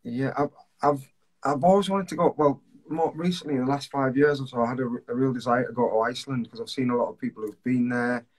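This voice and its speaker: A man's voice: mid-range voice, fairly even intonation, fast. A man, a singer-songwriter, chatting casually in an interview on a video call, self-deprecating and full of restarts.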